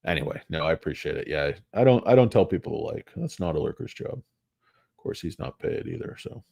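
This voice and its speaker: A man's voice: low voice, lively intonation, fairly quick, gravelly, warm tone, no room sound, clean studio sound. A man hosting a casual livestream show about stocks, rambling, joking and poking fun at himself. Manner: joking, rambling, self-mocking.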